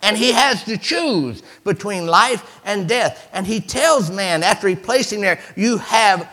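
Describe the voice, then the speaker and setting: A man preaching a sermon as pastor, animated, with sudden swings between loud emphasis and hushed asides. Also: high voice, unhurried.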